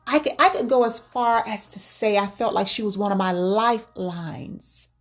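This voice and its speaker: A woman's voice: medium pitch, normal speed, faint music behind. A woman vlogger giving earnest, faith-based advice on grief, often repeating words as she searches for them. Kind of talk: personal spoken advice.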